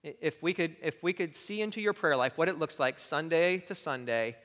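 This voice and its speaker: A man's voice: a little high, lively intonation, fairly quick, a bit bright. A man preaching a sermon to a congregation, earnest and conversational, often checking in with "right?" asides. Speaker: pastor. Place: church sanctuary. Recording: long hall reverb.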